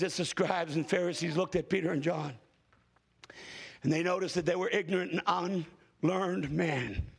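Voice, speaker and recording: A man in his fifties preaching a fervent sermon, often breaking into shouts and hallelujahs. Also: fairly high pitch, vocal fry, slightly rough. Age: 50s. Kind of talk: Pentecostal sermon.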